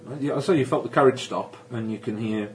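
A man's voice: medium pitch, brisk, over a noisy crowd. A man running a tabletop game as game master, describing scenes with many ums and restarts. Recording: noisy recording.

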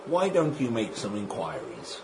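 A man playing a scarred, coldly polite thug who speaks slowly and threatens quietly. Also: lowish voice, wildly swooping pitch. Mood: menacing. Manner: slow, mock-courteous, quietly threatening. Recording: noisy background.

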